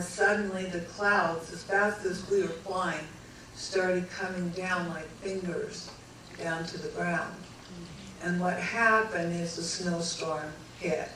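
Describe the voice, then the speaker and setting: A woman recounts a dramatic story to an audience, bringing each exchange to life as she tells it. Her voice rings through a very echoey hall, picked up from a distance over a faint hum of ambience. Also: fairly low pitch. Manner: animated, acts out dialogue with lively voices. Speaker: speaker recounting a near-death experience.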